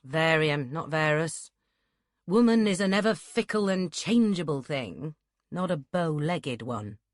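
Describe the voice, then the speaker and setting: A woman voicing a gruff, wry northern English farmer who teases with blunt questions, in a northern accent. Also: low voice, lively intonation, unhurried, dry recording, clean studio sound. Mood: dry amusement.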